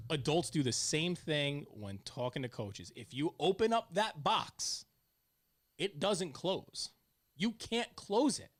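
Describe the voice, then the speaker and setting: A man in his forties hosting a casual talk show, telling stories with animated energy and getting loud when retelling arguments. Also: a little high, measured pace. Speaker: podcast host, youth softball coach. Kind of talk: casual chat.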